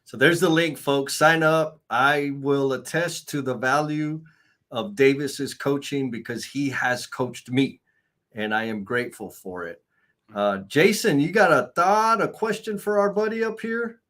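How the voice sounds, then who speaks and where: A man's voice: medium pitch, lively intonation, unhurried, fairly bright tone. A man hosting a live stream, upbeat and hyped, talking straight to the audience.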